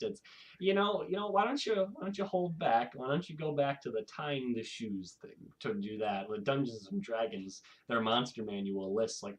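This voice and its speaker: A man hosting his own video, talking casually to camera in a rambling, animated way and laughing often. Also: mid-range voice, normal speed. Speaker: video host.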